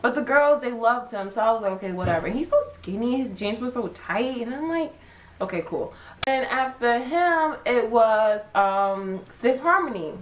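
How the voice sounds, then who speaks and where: A young woman vlogger chatting casually, acting out her own reactions with big jumps in pitch. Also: moderate pace, few pauses, a little hiss or hum, poor audio. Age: young adult. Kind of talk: casual chat.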